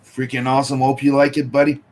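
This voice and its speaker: A man's voice: mid-range voice, completely flat delivery, fast talker. A French-Canadian man co-hosting an art livestream, casually greeting viewers and chatting with fumbling restarts. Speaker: co-host.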